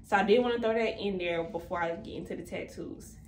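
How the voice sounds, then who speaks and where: A woman's voice: medium pitch, fast talker. A young woman in her twenties chatting casually to viewers in a vlog, a little out of breath, saying "y'all" often. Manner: chatty, addresses viewers as "y'all", many fillers. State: slightly out of breath. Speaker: vlogger. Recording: echoey room, faint background noise.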